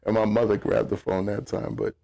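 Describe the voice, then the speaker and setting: Gravelly laid-back man telling a story. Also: on the low side, flat delivery, a little fast, over a noisy crowd. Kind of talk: casual anecdote.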